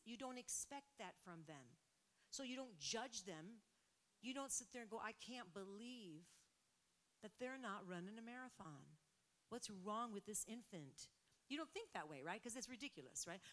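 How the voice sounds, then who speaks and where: A woman pastor preaching a sermon, building emphasis and sometimes dropping to a soft near-whisper. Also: on the high side.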